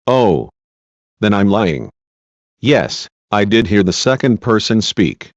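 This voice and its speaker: Female witness read by a man, polite short answers, low unhurried voice, dull lo-fi sound. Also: sing-song, dry recording, exaggerated voice. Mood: calm. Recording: dull lo-fi recording.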